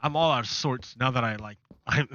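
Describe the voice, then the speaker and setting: A man's voice: medium pitch, brisk, a bit bright, no echo, lo-fi sound. A man giving chatty, sarcastic commentary while playing a game, often restarting sentences. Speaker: gaming channel host.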